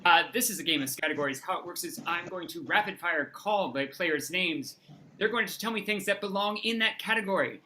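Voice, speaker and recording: An energetic improv comedy referee hosting a game with playful, quick game-show patter. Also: mid-range voice, slight background noise.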